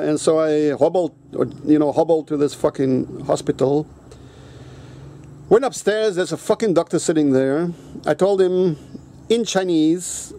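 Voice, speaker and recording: Guy ranting and swearing through a story, kinda high but mellow voice. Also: a little hiss or hum. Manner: profane, ranting, halting with restarts; switches into Mandarin. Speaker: vlogger. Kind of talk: angry storytelling monologue.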